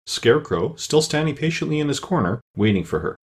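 A man narrating a children's storybook in a steady, even reading voice. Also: fairly high pitch, a little fast. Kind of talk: audiobook narration.

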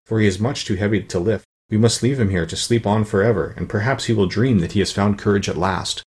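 A man reading an audiobook, voicing a gentle, polite, kind-hearted male tin woodman. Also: mid-range voice, expressive, fast talker, husky. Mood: sad. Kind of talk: audiobook character voice.

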